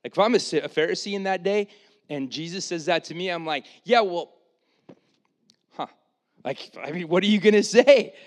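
A man preaching a sermon, retelling the story in a casual, animated way with quoted asides, then dropping to a quiet, earnest tone for his main points. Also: high-pitched, fast. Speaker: pastor.

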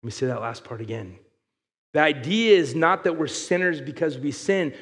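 A man's voice: a little high, lively intonation, moderate pace. Preaching man in a reverberant hall. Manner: builds to loud emphatic passages, reads scripture aloud. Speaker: pastor. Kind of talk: sermon.

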